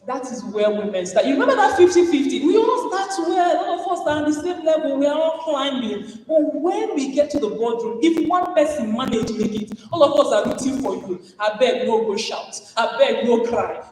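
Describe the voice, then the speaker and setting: A Nigerian woman giving an animated motivational keynote at a conference, acting out exchanges and dropping Pidgin asides. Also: sits high. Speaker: conference speaker. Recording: echoey hall from far off.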